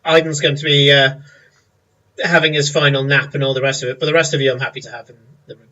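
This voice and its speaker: A man's voice: medium pitch, little pitch movement, fast talker, bright, forceful tone, highs cut off. A man running a tabletop game as game master, easygoing and laughing often, with hesitant fillers.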